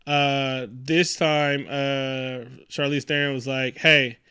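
A man recapping a movie in casual chat, animated and profane, acting out lines from the scenes. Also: mid-range voice, takes it slowly, smooth, no echo, studio quality. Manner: animated, profane, acts out quotes in silly voices. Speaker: podcast co-host.

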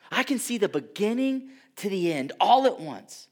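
A middle-aged male pastor preaching a sermon, swinging from loud emphatic lines to hushed, near-whispered ones. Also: sits high, very animated, moderate pace, few pauses.

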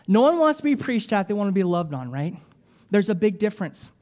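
A man preaching as an evangelist, telling stories with jokes and an animated, lively delivery. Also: sits high, brisk. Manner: animated storytelling with jokes and laughs. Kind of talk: sermon.

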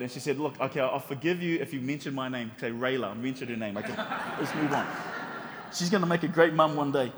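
A man's voice: high voice, a bit bright, in a large hall. A middle-aged man preaching a sermon in a church, telling stories with humor and rhetorical questions. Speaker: pastor.

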